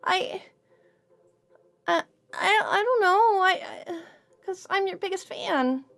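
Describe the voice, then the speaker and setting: Stammering eager fae fangirl voiced by a woman, high and bright, slight music underneath. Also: expressive, slow pace, gravelly, exaggerated voice. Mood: pleading. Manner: stammering, defensive. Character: eager young female fae fan, pleading.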